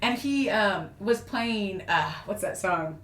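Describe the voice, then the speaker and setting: A woman on a podcast, telling a self-mocking story in a casual, animated way and laughing often. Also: mid-range voice, takes it slowly, a crowd in the background. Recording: echoey room with faint noise.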